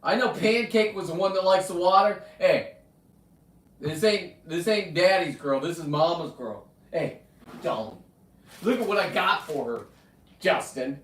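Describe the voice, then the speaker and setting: A brash, foul-mouthed man rambles through his livestream, his fairly high voice sitting a little off the mic. The room around him rings with echo. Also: unhurried, a bit bright, distant mic. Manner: brash, profane, talks to his dog. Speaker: livestream host.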